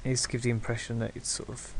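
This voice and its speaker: A man's voice: medium pitch, flat delivery, fast talker, vocal fry, slight background noise. A man teaching digital painting step by step, hesitant and reassuring, with many ums. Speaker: art tutor.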